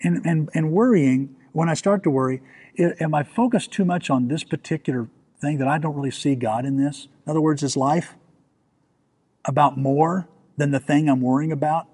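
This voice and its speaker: A man's voice: on the high side, moderate pace, darkish tone. A man preaching a sermon as pastor, in a conversational way, often restarting with repeated words and asking the listeners questions.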